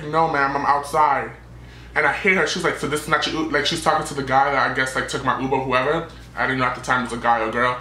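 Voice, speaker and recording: A man's voice: a little high, slight background noise. A young man vlogger telling a dramatic storytime rant in casual chat, acting out the people in it. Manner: animated, dramatic retelling with quoted voices. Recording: echoey room.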